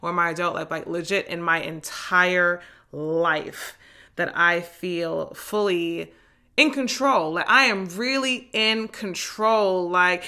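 A young New Jersey woman hosts a podcast, delivering a casual, slangy motivational monologue at normal speed. She's animated and laughs a lot, swinging between loud bursts and hushed, low asides.

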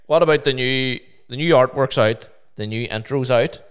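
A man's voice: medium pitch, moderate pace, clear, resonant tone. A man co-hosting a podcast in casual chat, talking loosely with lots of swearing and "like". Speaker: podcast co-host.

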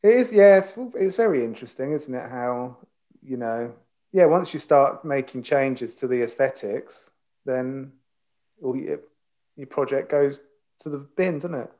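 A man's voice: mid-range voice, a little slow, dark tone. A man co-hosting a casual podcast chat, agreeable and leaning on tag questions like "isn't it?" and "know what I mean?". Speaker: podcast co-host.

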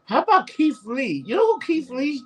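Excitable high-pitched man cursing. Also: moderate pace. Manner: excitable, profane, exclaims often. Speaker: podcast co-host. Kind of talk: casual wrestling chat.

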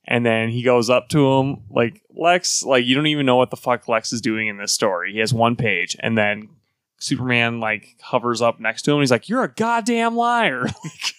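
Smooth-voiced man chatting about comics. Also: medium pitch, normal speed, fairly bright tone, no room sound. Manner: laughing, quotes characters in put-on voices. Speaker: podcast co-host. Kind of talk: casual comic book review chat.

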